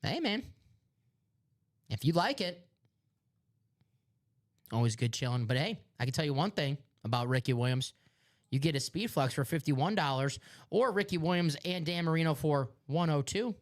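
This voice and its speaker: A man's voice: fairly high pitch, animated, moderate pace, pauses often. Male live-stream host, Chicago accent, upbeat salesy banter with jokes. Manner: upbeat, joking, hyping items.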